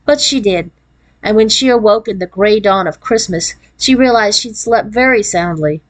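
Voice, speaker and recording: A woman reading a children's chapter book aloud in an expressive storybook cadence. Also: mid-range voice, moderate pace, rough recording. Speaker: read-aloud narrator.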